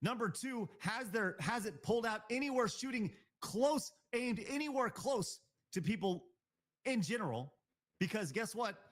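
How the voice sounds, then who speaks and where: A man's voice: high voice, lively intonation, normal speed. A male live stream host giving blunt, profane, heated reaction commentary.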